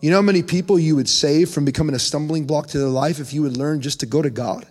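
A young man preaching a conversational sermon, his voice climbing in pitch when he presses a point. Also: fast, a little mellow. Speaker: pastor. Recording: long hall reverb.

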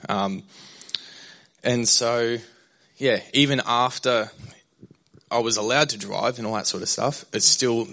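Young male pastor, candid rambling testimony, bright edge, mid pitch. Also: unhurried, vocal fry, long pauses. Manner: candid and rambling, with many fillers and restarts. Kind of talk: personal testimony in a sermon.

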